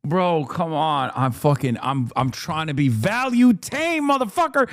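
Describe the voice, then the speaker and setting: A man's voice: high voice, expressive, slow, fairly bright tone, dry recording, clean studio sound. A man streaming live, reacting with crude, sarcastic commentary and frequent laughter.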